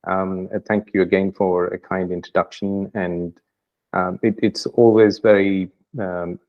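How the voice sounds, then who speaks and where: A man's voice: deep voice, little pitch movement, measured pace, highs cut off. A middle-aged man with an Indian accent giving an online medical lecture, hesitant with many fillers and restarts. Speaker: doctor giving a guest lecture.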